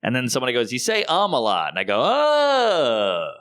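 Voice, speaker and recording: A man, a comedian, talking in a casual podcast conversation and telling animated stories, acting out the voices of people he quotes. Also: medium pitch, rapid-fire, no room sound, studio quality. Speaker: comedian guest.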